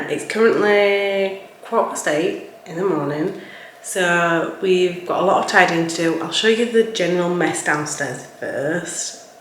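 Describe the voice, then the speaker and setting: A woman's voice: mid-range voice, a bit bright. A young woman with a Yorkshire accent chatting casually and rambling a bit as she tours her house, talking from her kitchen. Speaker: cleaning vlogger. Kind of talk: casual vlog chat. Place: home kitchen. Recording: echoey room with faint background noise.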